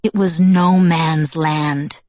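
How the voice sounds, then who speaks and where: A woman voicing a hushed, guarded teen vampire. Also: deep voice, a little slow, no echo. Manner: murmured, hushed and even. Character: soft-spoken teenage male vampire, calm and guarded.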